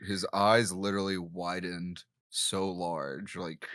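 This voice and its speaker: A man's voice: sits low, steady tone, measured pace, hardly any pauses, fairly bright tone, no echo, studio quality. A man co-hosting a podcast, chatting casually with a wry, teasing manner. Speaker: podcast co-host. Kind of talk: casual group discussion.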